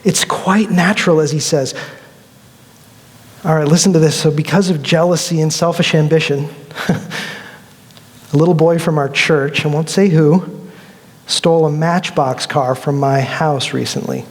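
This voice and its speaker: A man with a high voice preaches from the pulpit of a church, his words carrying a long reverb through the hall. He talks in a loose, conversational way and slips into acted quotes while telling stories. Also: fairly even intonation, a little slow, long pauses. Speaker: pastor. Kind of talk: sermon. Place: church sanctuary.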